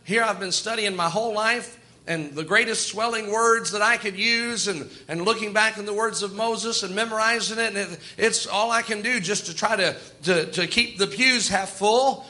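A man voicing a proud, self-important high priest who complains about a rival. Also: normal speed, hardly any pauses, pushed and bright. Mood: resentful. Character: proud middle-aged male high priest, scornful.

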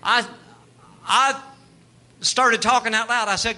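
A man preaching a sermon testimony, telling a story, acting out the dialogue and rising to fervent shouts. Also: very high-pitched, fairly even intonation, slow. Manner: storytelling, acts out dialogue, rises to shouting fervor.

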